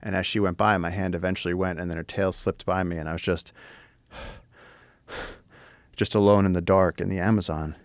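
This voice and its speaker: A man in casual conversation, telling an animated, profane adventure story with excitement. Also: low-pitched, moderate pace, pauses often, dry recording. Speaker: guest, wildlife explorer.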